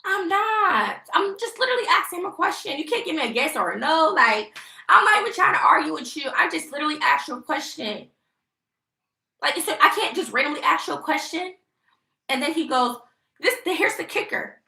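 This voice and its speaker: Young woman, livestream vent, indignant and rambling; bright high voice with some fry, echoey room. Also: expressive, brisk. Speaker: vlogger live-streaming. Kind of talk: casual livestream venting.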